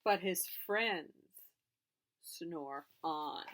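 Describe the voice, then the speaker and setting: A woman reading a picture book aloud to children, animated, pausing to explain words and ask questions. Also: fairly low pitch, a little hiss or hum. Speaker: storybook reader for children.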